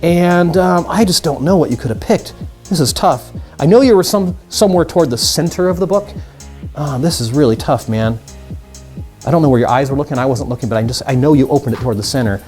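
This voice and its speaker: A man's voice: fairly high pitch, expressive, fairly quick, darkish tone, faint music behind. A man teaching mind reading magic tricks in a casual, upbeat tutorial, chatting straight to the viewers.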